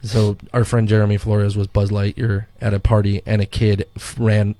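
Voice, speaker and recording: A man's voice: fairly low pitch, flat delivery, normal speed, dark tone, no echo. A middle-aged man co-hosting a podcast in casual chat, a rambling storyteller who swears casually and acts out quotes. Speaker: podcast co-host. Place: studio.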